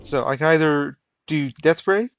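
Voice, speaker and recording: A man livestreams a game with casual commentary, joking around, teasing his viewers, and throwing in mock British phrases. His voice is a little high at normal speed, and the recording is dry with the highs cut off.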